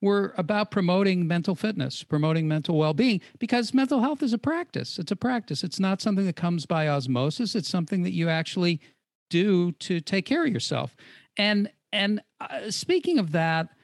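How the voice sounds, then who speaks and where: A woman hosting a talk show, speaking in an earnest, encouraging way. Her voice sits fairly low but moves a lot. The sound is dry and close. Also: very animated, normal speed, a little mellow, no room sound. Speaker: host.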